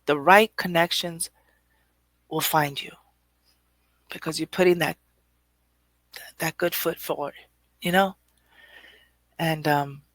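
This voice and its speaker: Bright-voiced woman giving motivational talk. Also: low voice, no echo. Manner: conversational, rambling, addresses the audience directly; frequent laughter. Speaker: poetry show host. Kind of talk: motivational monologue.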